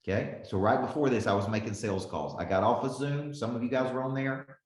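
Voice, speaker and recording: A man in his forties coaching a live business webinar, speaking at a middle pitch with plenty of energy. He calls on listeners by name and keeps checking in with "okay?" His voice carries a roomy echo. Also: a little fast. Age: 40s.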